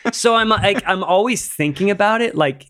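Animated middle-aged man telling stories. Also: sits high, normal speed. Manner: animated, acts out quoted dialogue, laughs often. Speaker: podcast guest, rock climber. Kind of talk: casual storytelling chat.

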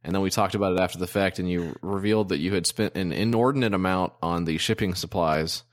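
A man with a very deep, low-pitched voice chats casually as a podcast co-host. He rambles along with plenty of ums, uhs and restarts. He sounds like he's in his thirties. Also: fast. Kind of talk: casual chat.

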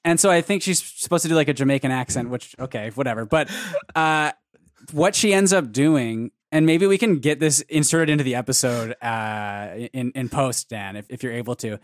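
A man's voice: mid-range voice, normal speed, dry recording, studio quality. A man hosting a podcast, chatting eagerly and laughing easily. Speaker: podcast host. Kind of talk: casual podcast chat.

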